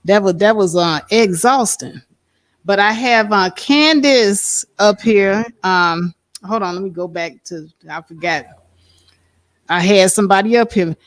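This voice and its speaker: A woman's voice: mid-range voice, a little slow. A woman hosting a live panel, casual and exclaiming as she thanks and introduces guests. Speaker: host.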